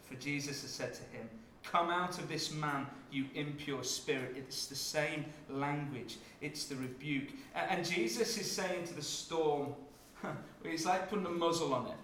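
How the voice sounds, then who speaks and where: Male preacher, measured slow delivery, somewhat high voice, roomy hall sound. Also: a little hiss or hum. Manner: dramatic shifts from hushed to loud when acting out scenes. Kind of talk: sermon.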